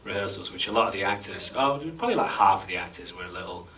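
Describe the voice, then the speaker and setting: A man, an actor answering audience questions after a screening, chatty and self-deprecating and quick to laugh. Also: low-pitched, sharp tone. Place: cinema auditorium before an audience. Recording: distant mic with faint room noise.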